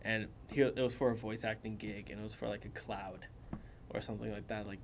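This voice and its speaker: A man's voice: fairly low pitch, fairly even intonation, a little fast, background noise. A young man chatting casually as a podcast co-host, often laughing and acting out what others said. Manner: laughs a lot, acts out quotes. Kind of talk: casual chat.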